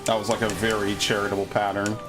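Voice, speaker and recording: A man's voice: lowish voice, level tone, quick pace, loud music behind the voice. A man live-streaming a video game, chatting casually and swearing often as he gets annoyed at the game. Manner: profane, easily annoyed, grumbling. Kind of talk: live gaming stream chat.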